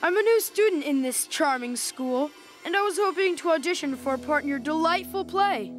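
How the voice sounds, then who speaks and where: A woman's voice: high voice, expressive, brisk, faint music behind. A woman voicing a mischievous male fairy trickster who talks in theatrical singsong rhymes, in a cartoon. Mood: sly. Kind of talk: cartoon voice acting.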